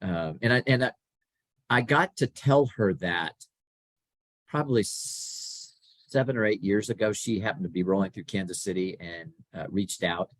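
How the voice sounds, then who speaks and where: A man's voice: sits low, moderate pace, no echo. A middle-aged man as a podcast guest, telling stories about his career in a casual way and acting out bits of dialogue. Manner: animated, acts out quoted dialogue. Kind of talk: conversational storytelling.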